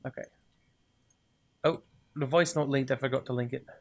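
A man of medium pitch speaks at normal speed in a steady tone. Hosting a gaming video, he keeps up loose commentary as he plays, mumbling to himself, speaking to the items, and cheering on success.

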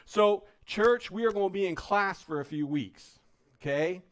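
Casual high-voiced preaching man. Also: lively intonation, unhurried, clean tone. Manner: casual, joking, says "man" often. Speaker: pastor. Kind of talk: sermon. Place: church.

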